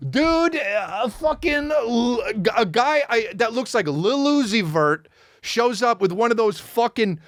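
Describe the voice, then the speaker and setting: A man in his thirties, a podcast host, telling a comedic story in a profane, animated rant full of repeated words and sound effects. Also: extremely high pitch, measured pace, no echo, clean studio sound. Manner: acts out sounds and quotes.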